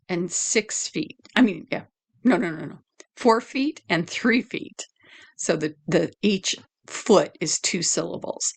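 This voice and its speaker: A woman teacher giving a lecture analyzing a poem, deliberate, with fillers and self-corrections. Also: lowish voice, gravelly.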